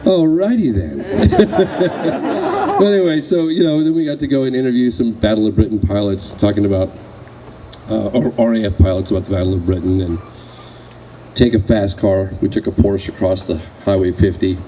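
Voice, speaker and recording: A man's voice: lowish voice, a little fast, mellow, a little hiss or hum. A middle-aged man giving a memorial speech, rambling through anecdotes and quoting his late father. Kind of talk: eulogy with anecdotes. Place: memorial gathering room.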